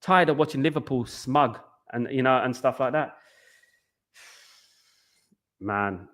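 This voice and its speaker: A man's voice: medium pitch, measured pace, long pauses, pushed and bright. Rambling chatty man hosting a watchalong. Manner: chatty, rambling, repeats himself, keeps saying "guys". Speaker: watchalong host. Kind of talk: live football watchalong chat.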